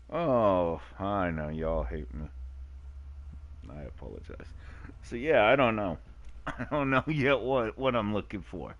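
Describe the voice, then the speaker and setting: A man's voice: lowish voice, sing-song, unhurried, a bit bright, lo-fi sound. A man streaming a dating game, joking and rambling with frequent laughs as he comments on the choices.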